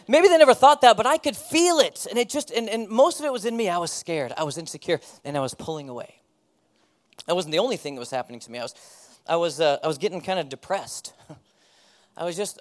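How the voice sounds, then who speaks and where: Man, 30s, pastor; high voice, candid self-deprecating testimony with easy laughs. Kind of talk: personal testimony sermon.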